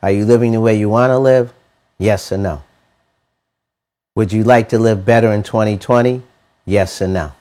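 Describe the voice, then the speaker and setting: A man giving a motivational money talk, animated and preachy, with lots of rhetorical questions and slangy, casual phrasing. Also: fairly low pitch, normal speed, pauses often. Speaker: money mentor.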